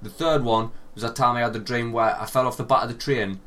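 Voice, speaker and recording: A man's voice: medium pitch, quick pace. Sweary Northern English man telling stories. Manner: animated storytelling, acts out quotes, swears a lot. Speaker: podcast co-host. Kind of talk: casual chat.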